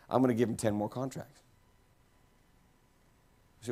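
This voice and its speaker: Here the guest preacher uses a mid-range, dark voice at a moderate pace and a steady tone. Still, his sermon in the sanctuary is humorous and playful, with jokes aimed at the congregation and people brought up to join in.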